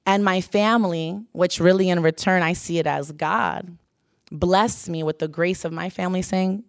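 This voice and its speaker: A woman's voice: lowish voice, steady tone, normal speed, dry recording, studio quality. A young adult woman giving an earnest sermon, repeating phrases for emphasis. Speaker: church speaker.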